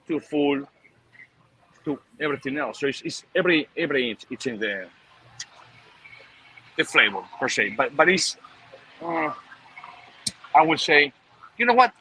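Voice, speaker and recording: A man with a non-native English accent talks over a remote call, his voice bright and a little high. He explains things in a relaxed, halting way, with a faint hiss of noise under him. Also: low-quality recording. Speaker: cigar company owner. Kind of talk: casual chat on a call.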